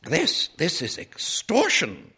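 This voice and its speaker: A man playing a shrill, haughty society matron. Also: big pitch swings, a little slow, exaggerated voice. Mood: outraged. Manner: shrill, outraged, pompous. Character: indignant haughty older society woman.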